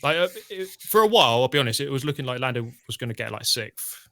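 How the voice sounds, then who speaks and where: A stream co-host chats casually through a live race watch-along, reading out viewer tweets as he goes. His mid-range voice is bright and forceful, and he talks fast and animatedly.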